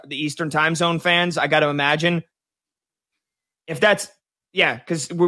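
A man co-hosting a live sports talk show, breaking game news with excitement and thinking aloud in restarts. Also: a little high.

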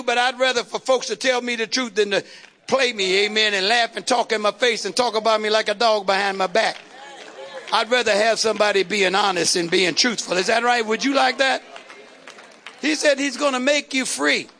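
A pastor with an extremely high, pushed and bright voice preaches a sermon, calling out to the congregation in call-and-response style. He builds up rhythmic, repeated lines.

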